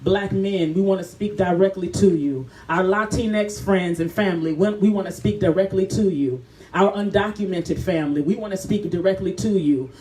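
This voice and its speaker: A woman's voice: on the low side, moderate pace, hardly any pauses, warm tone. Woman hosting press conference, echoey. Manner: thankful, addresses groups one by one. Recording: echoey distant mic with faint noise.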